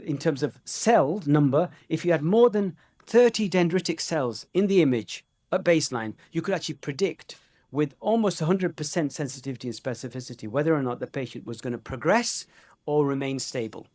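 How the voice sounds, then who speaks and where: A man's voice: a little high, brisk, darkish tone. A man giving a conversational, joking medical conference lecture, with many fillers. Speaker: conference speaker.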